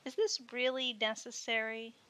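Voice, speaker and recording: A woman's voice: fairly high pitch, level tone, normal speed, pushed and bright, voice pushed up. A woman reading a nervous, stammering young man. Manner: hesitant, stammering.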